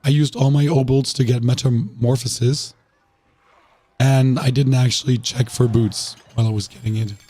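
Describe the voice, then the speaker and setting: A man's voice: medium pitch, fairly even intonation, moderate pace, mellow. A man who has lost his voice, chatting casually to viewers while streaming a game, rambling and asking them rhetorical questions. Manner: rambling, repeats himself, asks chat rhetorical questions.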